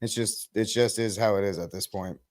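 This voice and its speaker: A man hosting a podcast, joking in casual chat with loud bursts and halting fillers. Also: on the low side, steady tone. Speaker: podcast host.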